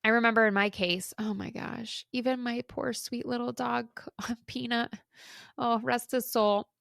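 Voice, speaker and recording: Solo podcast host, woman in her thirties, animated storyteller, dry studio sound. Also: on the high side, measured pace, creaky, dry recording. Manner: chatty, candid, animated storytelling. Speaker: podcast host and career coach.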